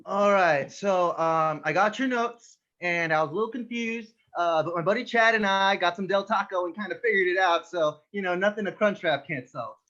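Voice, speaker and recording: A man's voice: high voice, normal speed, few pauses, pushed and bright. A man in an improv comedy scene playing an earnest young male actor who sends in a laid-back audition tape. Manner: laid-back, then overwrought monologue delivery. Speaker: improv performer. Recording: dull lo-fi webcam audio.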